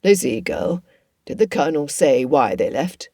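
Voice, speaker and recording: A woman voicing an older gentle father in an audiobook, speaking slowly and soothingly in a lowered voice. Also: very animated, gravelly, no echo, clean studio sound, full character voice. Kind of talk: audiobook character voice.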